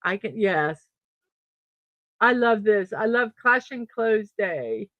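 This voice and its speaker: A woman's voice: mid-range voice, expressive, takes it slowly, fairly bright tone, no echo, muffled recording. A middle-aged woman hosting a daily morning show in a casual chat, reading birthdays and memes, laughing often and stumbling over names.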